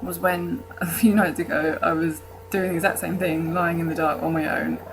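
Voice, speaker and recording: A woman's voice: fairly low pitch, fairly even intonation, normal speed, background noise. A young woman from the UK talking casually to camera in her vlog, rambling with fillers and restarts and self-mocking jokes. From United Kingdom. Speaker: vlogger.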